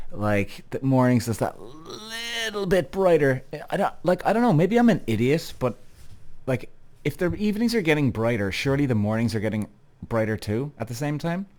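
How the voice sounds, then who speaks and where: An Irish man talking off the cuff on his own podcast, with lively pitch that jumps around as he goes. He rambles, swears freely and laughs at himself. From Ireland. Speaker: podcast host. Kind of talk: casual solo podcast monologue.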